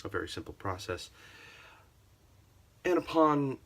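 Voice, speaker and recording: Theatrical man with a gravelly voice. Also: medium pitch, very animated, unhurried. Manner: theatrical, sarcastic, wildly varied delivery. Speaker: storyteller. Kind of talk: comic storytime monologue.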